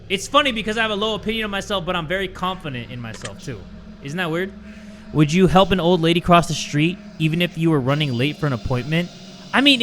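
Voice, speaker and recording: A man's voice: fairly high pitch, sharp tone, a little hiss or hum. A young man chatting casually and candidly while playing a horror quiz game, joking as he answers. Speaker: gaming YouTuber. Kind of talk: casual let's-play commentary.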